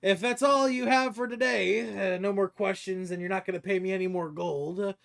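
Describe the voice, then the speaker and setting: A man's voice: steady tone, moderate pace, creaky, fairly bright tone. A man voicing a boisterous, laughing dwarf ranger who offers his services for hire. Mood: jovial. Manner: jolly, booming, cackling laughter.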